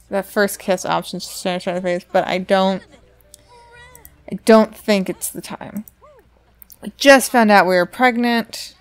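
A woman's voice: mid-range voice, expressive, normal speed, smooth. A young adult woman giving casual commentary while she plays a life-simulation game, chatty and reacting aloud to what happens. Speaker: let's play gamer.

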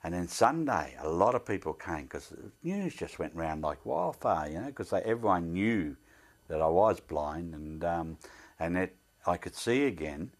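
Older man, deep voice, earnest plain-spoken storyteller of faith. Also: very animated, normal speed. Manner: devout, speaks earnestly of faith. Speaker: interviewee. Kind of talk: telling a personal story.

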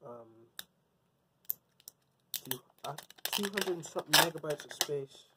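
A young man casually unboxing a gaming laptop in his cold bedroom, excited and rambling, his voice a little shaky from the cold. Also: on the high side, measured pace, very noisy. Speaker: tech unboxing vlogger.

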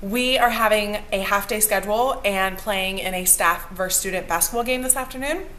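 A woman's voice: mid-range voice, moderate pace, bright, forceful tone, a little hiss or hum. A young adult woman who is a teacher, talking casually to camera in a vlog, chatty and upbeat, sometimes worn out. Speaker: elementary school teacher.

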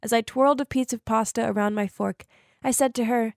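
A woman narrating a first-person animated story in a confessional, conversational way. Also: a little high, a little fast, creaky, dry recording, studio quality.

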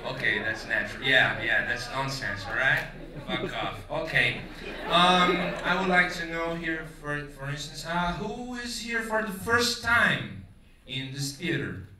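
A man from Brazil with a Brazilian Portuguese accent, emceeing a stand-up show in English, loud and brash, swearing freely and quizzing the audience. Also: a little high. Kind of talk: stand-up crowd work. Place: theater stage with live audience. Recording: echoey theater, mic at a distance, audience audible.

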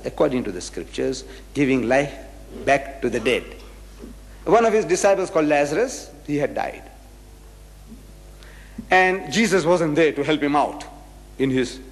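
A man's voice: a little high, gravelly. A man giving a religious lecture, reading scripture verses aloud and explaining them with rhetorical questions. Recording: echoey hall with long reverb.

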